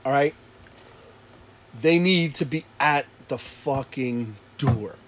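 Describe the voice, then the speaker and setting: A man in his thirties, a father, telling a story in profane casual chat and acting out his shouting kids and himself. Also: medium pitch, slow pace, background noise. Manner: animated, acts out his kids and himself yelling.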